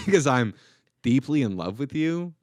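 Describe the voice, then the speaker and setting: A man's voice: medium pitch, very animated, measured pace, no room sound. A young man co-hosting a comedy podcast, telling stories in a joking, self-deprecating way. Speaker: podcast co-host. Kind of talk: casual comedy podcast chat.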